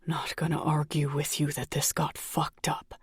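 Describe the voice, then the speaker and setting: Woman doing a gruff young man. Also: sits low, little pitch movement, moderate pace, dry recording, in a whisper, studio quality, pitched below the performer's own voice. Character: young man, guarded and blunt.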